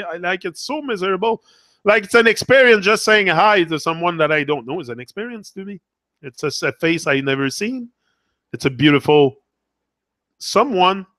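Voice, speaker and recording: A man's voice: on the high side, a bit bright, dry recording, studio quality. A man with a Quebec French accent in a casual, rambling live monologue as a motivational streamer. He swears freely and talks back to a viewer.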